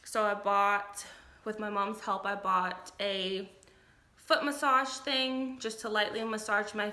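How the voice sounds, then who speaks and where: Tired young woman rambling through a candid update, slow, bright voice, echoey room. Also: mid-range voice. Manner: candid, rambling, many ums and restarts. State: tired, getting emotional. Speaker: vlogger. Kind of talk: casual personal update.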